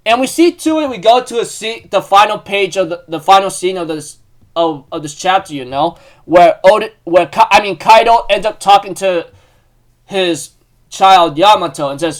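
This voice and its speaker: A young man with a notably high voice recaps a comic chapter in a loose, casual way. He rambles, restarts sentences and leans on "like, um" fillers. It comes across as an easygoing fan chat. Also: lively intonation, normal speed. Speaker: manga recap host.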